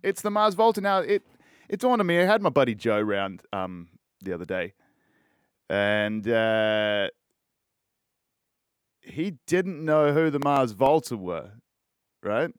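A man's voice: medium pitch, lively intonation, slow pace, long pauses, clear, resonant tone, no echo, clean studio sound. A young Australian man hosting a podcast, rambling casually about music and swearing often. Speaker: podcast host. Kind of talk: casual music-review chat.

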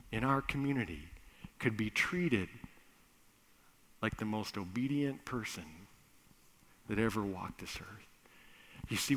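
Man preaching a sermon in an echoey hall. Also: fairly high pitch. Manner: conversational, builds to loud emphatic bursts. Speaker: pastor.

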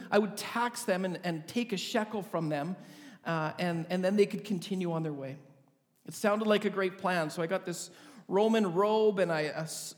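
A man's voice: high-pitched, in a large hall. A man, a pastor, telling a humorous story in a vivid storytelling sermon.

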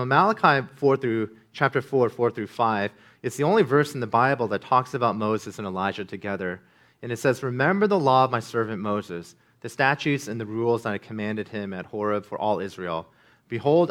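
A man preaching a sermon as pastor, earnest, swinging from loud to hushed. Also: mid-range voice.

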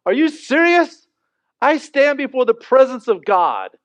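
A man voicing an indignant, booming male angel who scolds loudly. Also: big pitch swings, brisk. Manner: loud, exasperated, scolding. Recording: dull, dry recording.

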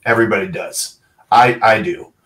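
A middle-aged man, a former pro football player, telling animated stories as a guest and acting out other people's lines. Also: on the low side, moderate pace. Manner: animated anecdotes, acts out quotes. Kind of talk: storytelling interview. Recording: voice a bit far from the mic.

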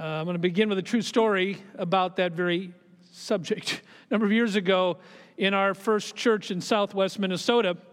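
Preaching pastor in a reverberant church. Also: male voice, high voice, clear, resonant tone. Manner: storytelling, shifts between quiet asides and emphatic raised lines. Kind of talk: sermon with personal story. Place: church sanctuary. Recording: long hall reverb of a church.

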